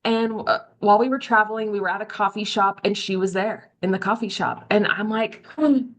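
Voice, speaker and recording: A middle-aged woman coaching a live online training, telling candid, chatty stories with lively quoted voices. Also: medium pitch, fairly quick. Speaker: social media coach. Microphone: video call.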